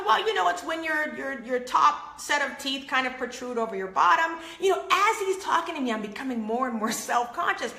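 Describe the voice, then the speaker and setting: A woman hosting an inspirational faith talk, telling stories with acted-out quotes and lively laughter. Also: sits high, fairly quick, vocal fry, few pauses, echoey room. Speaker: host.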